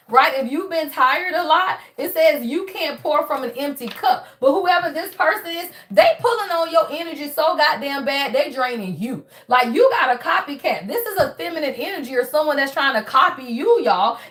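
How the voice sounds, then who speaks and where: High-voiced, salty-tongued woman reading cards. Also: a bit bright. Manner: emphatic, profane, repeats "y'all" constantly; fast, preachy affirmations with rising bursts. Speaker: tarot reader. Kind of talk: casual spiritual reading to camera.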